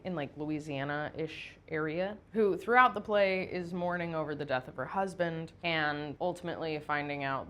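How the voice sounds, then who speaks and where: Woman host, casual theater chat, animated intonation, conversational. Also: deep voice, a little hiss or hum. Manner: chatty, uses "like" often. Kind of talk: casual theater history commentary.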